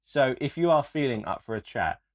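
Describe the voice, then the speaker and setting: A young man, co-hosting a casual podcast and telling stories in an animated, sweary rant. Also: mid-range voice, fairly quick. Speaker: podcast co-host. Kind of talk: casual chat.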